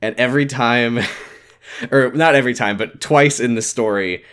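A man's voice: medium pitch, normal speed, fairly bright tone, smooth. A young man co-hosting a podcast, telling a story in casual chat and restarting his sentences. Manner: rambling, self-interrupting storyteller. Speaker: podcast co-host.

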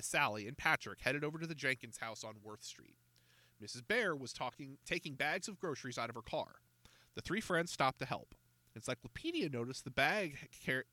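A man narrating a children's mystery audiobook with a lively, expressive delivery. His voice is bright and close, with a dry sound and no room echo. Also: mid-range voice. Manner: expressive, storytelling.

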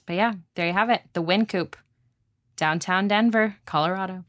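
A woman's voice: medium pitch, moderate pace, fairly bright tone, dry recording. A woman co-hosting a podcast in casual chat, wry, laid-back and joking. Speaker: podcast co-host.

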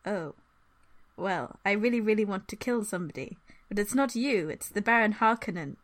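A woman's voice: medium pitch, expressive, normal speed, close to an everyday voice. A woman voicing a scheming male traitor doctor, reading his villain lines in a gloating way.

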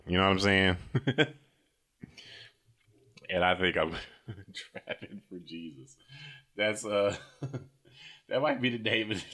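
Young male podcast host, casual comedic riffing from a car, profane, quick laugher. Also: lowish voice. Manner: loose, profane, laughs often and mimics silly voices.

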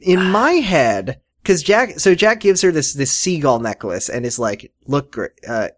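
A man's voice: fairly high pitch, very animated, a little slow. A man co-hosting a casual recap podcast, wry and mocking, laughing often. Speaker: podcast co-host.

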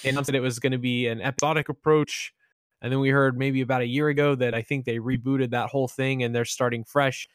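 A man's voice: mid-range voice, fairly even intonation, fast talker, dry recording. Male podcast host, casual slangy chat, dry close sound. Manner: laid-back, slangy, says "bro" and "dude".

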